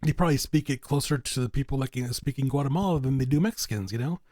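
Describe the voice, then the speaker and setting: A man's voice: mid-range voice, very fast, dark tone, no echo. A man talking as a podcast guest in a casual, rambling way, filling nearly every phrase with "you know". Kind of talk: casual conversation.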